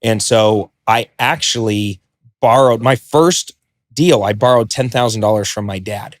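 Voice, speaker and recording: A man telling a story as a podcast guest, animated, acting out quotes and swearing freely. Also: on the low side, unhurried, dry recording, clean studio sound. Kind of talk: podcast interview.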